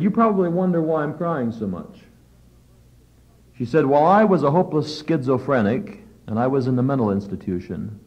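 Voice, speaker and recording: Middle-aged guy preaching, kinda high voice, gets fired up and loud in spots. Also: low-quality recording. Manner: fervent, builds to loud emphatic peaks. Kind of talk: sermon. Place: chapel service.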